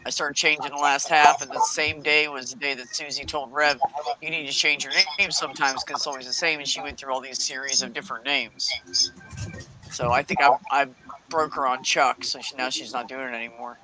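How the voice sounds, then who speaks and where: A man's voice: medium pitch, fairly even intonation, fairly quick, a loud crowd, poor audio. A man streaming party games with friends, joking around and laughing as he talks. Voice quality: jokey, laughs a lot while talking. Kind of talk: casual joking banter.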